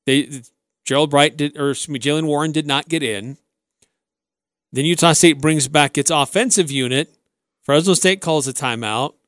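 A man hosting a sports talk radio show from a studio, recounting plays in an animated way. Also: fairly high pitch, moderate pace, dry recording.

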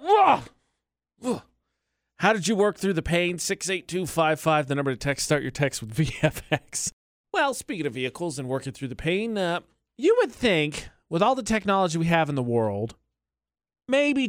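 Male radio co-host, slightly high voice, jokey, close and dry. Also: normal speed, no echo. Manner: jokey, animated storyteller. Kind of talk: casual radio chat.

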